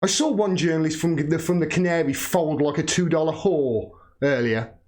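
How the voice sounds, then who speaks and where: Man, fiery political rant, swearing, voice a touch high. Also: normal speed. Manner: heated, swearing, rising to shouting pitch. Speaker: political commentator. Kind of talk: angry political rant to camera.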